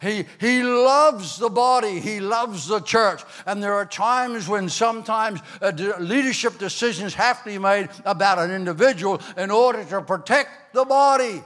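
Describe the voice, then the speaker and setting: An older man from Ireland, preaching a sermon as a pastor, telling stories with animated bursts into shouting. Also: high-pitched, moderate pace, few pauses. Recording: long hall reverb.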